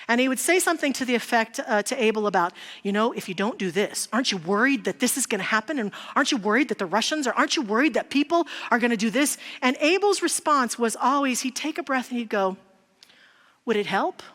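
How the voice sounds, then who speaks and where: A woman delivers a sermon in a higher-pitched voice. She talks in an earnest, reflective, storytelling manner. Her voice rings out with the long reverb of a large hall. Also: animated, fast, few pauses, fairly bright tone. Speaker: speaker. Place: church sanctuary.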